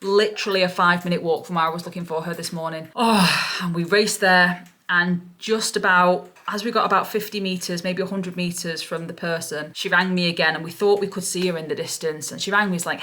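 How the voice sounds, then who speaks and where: A woman's voice: fairly low pitch, steady tone, brisk, hardly any pauses, sharp tone. A woman vlogger telling a story in an emotional, relieved way, gushing and repeating herself over and over. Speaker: parrot-keeping vlogger. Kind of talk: emotional vlog retelling.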